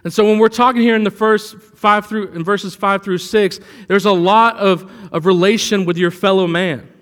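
A man's voice: high-pitched, steady tone, normal speed, fairly bright tone, in a large hall. A man preaching a sermon in a conversational way, telling a personal story and rising for emphasis. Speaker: pastor.

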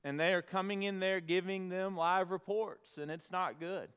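Pastor, male, smooth clear voice, earnest storytelling sermon with pauses, big reverberant room. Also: high-pitched, fairly even intonation, a bit bright. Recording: long reverb of a large hall.

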